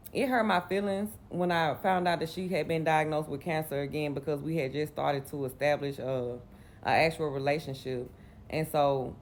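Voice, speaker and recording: A woman's voice: deep voice, a little mellow, slight background noise. A Southern US woman from Mississippi in her late twenties, telling a personal story in a candid, rambling way. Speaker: vlogger.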